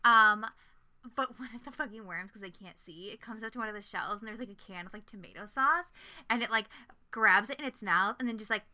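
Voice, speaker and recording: Bright, animated young woman podcaster. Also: mid-range voice, a little fast. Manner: animated, profane, storytelling with voiced quotes. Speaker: podcast co-host. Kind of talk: casual podcast chat.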